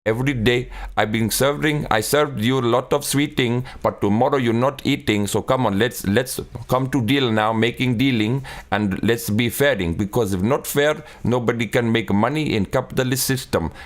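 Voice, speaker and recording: A man's voice: medium pitch, normal speed, hardly any pauses, natural voice. A man voicing a pushy male corner-shop owner with an Indian accent who haggles in broken grammar.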